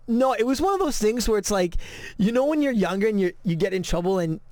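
A high-pitched man tells animated stories in a casual podcast chat, often restarting his sentences. The sound is dry and close, with no room around him. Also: quick pace, dry recording. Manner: animated storyteller, many repeated starts. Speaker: podcast co-host.

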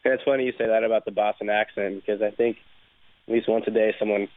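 A young man with a low voice, chatting easily on air as a guest actor. He comes through a tinny phone line, and he pads his speech with "um" and "like". He sounds relaxed and dry. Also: quick pace, no echo. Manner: relaxed, casual, filler-heavy. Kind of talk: phone interview.

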